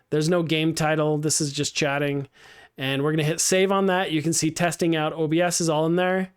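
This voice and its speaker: With a fairly high pitch and a clean tone, a man teaches game streaming live, guiding viewers through the software setup. He sounds easygoing and upbeat, though he frequently ums and restarts.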